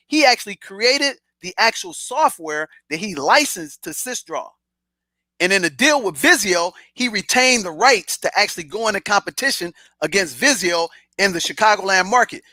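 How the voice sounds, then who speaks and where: A middle-aged man tells a story from his own life in a relaxed, streetwise way, jumping into the voices of the people in it. His voice sits high and bright, with a forceful edge. The sound is dry and close, with no room around it. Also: moderate pace, dry recording. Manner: animated, streetwise, acts out quoted dialogue. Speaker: podcast host telling a personal story. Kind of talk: casual storytelling.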